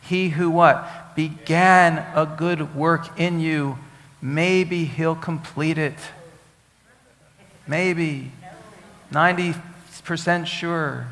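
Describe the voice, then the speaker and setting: Preacher, male, somewhat high voice, emphatic and repetitive, questions the flock; long hall reverb. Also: fairly even intonation, drawn-out words, fairly bright tone. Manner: teaching with Hebrew words, asks the congregation questions; emphatic, repeats key phrases. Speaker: rabbi. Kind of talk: sermon.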